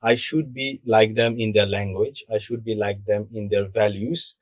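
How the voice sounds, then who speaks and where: A man's voice: fairly low pitch, fairly even intonation, normal speed, no echo. A young man from Bangladesh, talking casually on a podcast and making his points emphatically with rhetorical questions. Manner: emphatic, asks rhetorical questions and answers them. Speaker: podcast co-host. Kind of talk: casual discussion.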